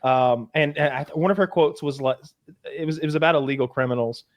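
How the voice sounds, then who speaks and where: A man's voice: on the high side, brisk. A man co-hosting a podcast, chatting casually in a rambling way with many false starts. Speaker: podcast host. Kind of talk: casual chat.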